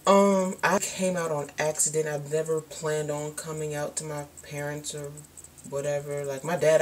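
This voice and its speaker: Young woman vlogger, lowish voice, loose and candid storytelling with plenty of filler words. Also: darkish tone, slight background noise. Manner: rambling, candid, lots of "like" and "um". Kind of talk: casual storytelling to camera.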